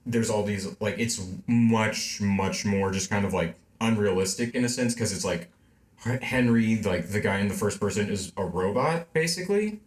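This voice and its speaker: A man's voice: fairly low pitch, moderate pace. A man co-hosting a casual amateur film podcast, rambling and filling with "like" as he chats. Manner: rambling, heavy use of "like". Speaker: podcast co-host. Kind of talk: casual chat. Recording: roomy echo.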